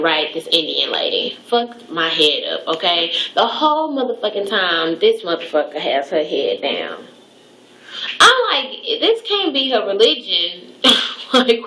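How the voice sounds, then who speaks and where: A woman's voice: medium pitch, sharp tone. A young woman, a cosmetology student, telling a profane, exasperated story in a casual rant. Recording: echoey room.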